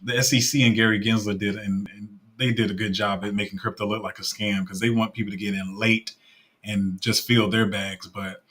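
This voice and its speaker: Low-voiced man hosting a casual livestream. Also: flat delivery, a little fast, fairly bright tone. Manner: rambling, emotional, laughs easily. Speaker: crypto livestream host.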